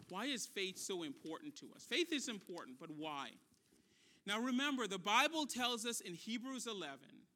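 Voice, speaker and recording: A pastor preaching a sermon, emphatic and repetitive, swinging between quiet and loud. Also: medium pitch.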